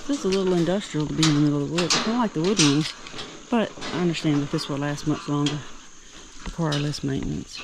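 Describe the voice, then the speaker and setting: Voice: mid-range voice, fast talker, noisy background. A hiker vlogging outdoors on a forest trail, chatting casually and thinking aloud in a rambling, easygoing way. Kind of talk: casual trail vlog narration. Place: outdoors in the woods by a creek.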